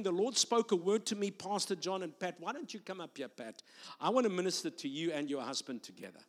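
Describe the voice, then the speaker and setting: High-voiced male preacher in a reverberant hall. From South Africa or Australia. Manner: storytelling, rising to loud proclamation. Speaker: guest preacher. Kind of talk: sermon with prophetic ministry. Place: church sanctuary. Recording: long reverb of a large hall.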